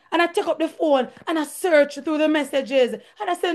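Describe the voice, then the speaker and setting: A woman's voice: sits high, a little fast, few pauses. Fervent young woman preaching testimony. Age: young adult. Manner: fervent, rising to shouts. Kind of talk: testimony sermon.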